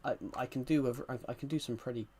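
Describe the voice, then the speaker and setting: Racing along in a steady, darkish mid-range voice, a man with a heavy West Country accent from rural England chats to his live-stream viewers with slight background noise. He rambles, repeats phrases and keeps calling them guys.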